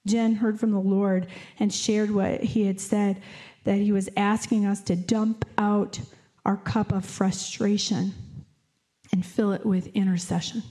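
A woman delivers a sermon, reading scripture aloud earnestly and slowing to linger on key phrases. Her voice is mellow and medium-pitched, with a level tone.

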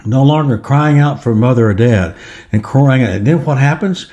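A man's voice: mid-range voice, lively intonation, normal speed, dark tone, lo-fi sound. An older man gives a reflective motivational talk, telling a story and acting out its scenes.

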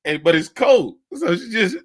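A young adult man chatting casually, telling an animated, profane story and laughing often. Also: high-pitched, moderate pace, breathy edge, no echo, clean studio sound.

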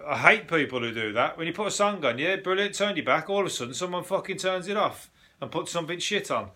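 A man rambles through the day's odd headlines, swearing freely and breaking into laughs. His voice sits a touch high and comes across bright and forceful. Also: animated, fast. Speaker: podcast host. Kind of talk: casual news review chat.

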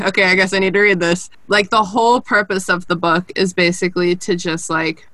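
A woman's voice: lowish voice, a bit bright, no room sound. A woman hosting a podcast, chatting casually, swearing freely and laughing often. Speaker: podcast host.

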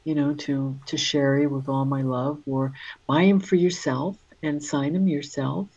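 Slow-talking chatty woman author. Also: low-pitched, fairly even intonation, a little mellow, muffled recording. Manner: rambling, chatty, with many fillers. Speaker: author guest. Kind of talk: casual interview chat.

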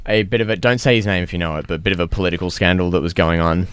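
A man's voice: low-pitched, racing, clear, resonant tone, no echo. A man, co-hosting a podcast in casual chat, swearing freely and laughing often. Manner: crude, swearing, laughs a lot. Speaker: podcast co-host.

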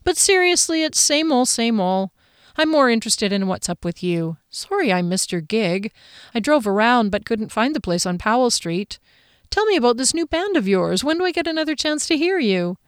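A woman voicing a lively, supportive adult sister in an audiobook, speaking brightly and with polite firmness. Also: on the high side, moderate pace, clean tone, no room sound, studio quality. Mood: reassuring.

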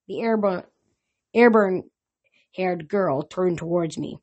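A woman's voice: lowish voice, moderate pace, a little mellow. A woman reading a novel aloud for her podcast, with occasional slips and restarts. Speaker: podcast reader.

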